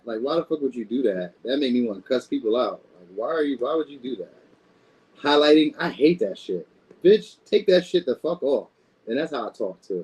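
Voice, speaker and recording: Man, casual tarot reading, warm low-toned voice, slightly husky, rambling, cusses a lot. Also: low-quality recording. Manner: loose, rambling, swears freely. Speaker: tarot reader.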